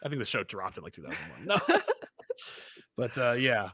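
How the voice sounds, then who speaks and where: A man hosting a casual chat about comics, animated, often restarting sentences and acting out quoted lines. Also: mid-range voice, a little fast, breathy edge, no echo, clean studio sound. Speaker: podcast host.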